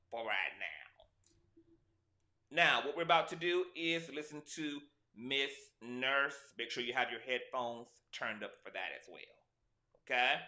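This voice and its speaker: Bright-voiced man hosting a livestream. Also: medium pitch. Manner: blunt, profane, talks straight to viewers. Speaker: livestream host. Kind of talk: casual livestream commentary. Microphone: cheap desk mic.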